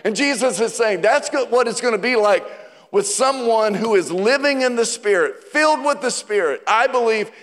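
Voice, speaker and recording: Male pastor, high voice, lively sermon delivery, church hall reverb. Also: normal speed. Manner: animated preaching, rising to near-shouting on quotes; asks the congregation questions. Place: church sanctuary.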